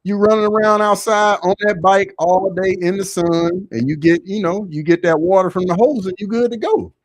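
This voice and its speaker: A young man with a Southern accent, hosting a casual livestream and reading chat, loose and slangy, jumping to loud excited bursts. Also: sits high, moderate pace, no echo.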